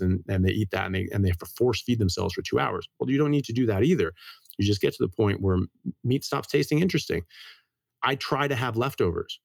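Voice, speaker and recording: Brief: American male doctor as guest, brisk and earnest, quick delivery, dry close sound. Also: fairly low pitch, vocal fry, darkish tone, no room sound. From United States. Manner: brisk, earnest, tells anecdotes. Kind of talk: casual interview explanation.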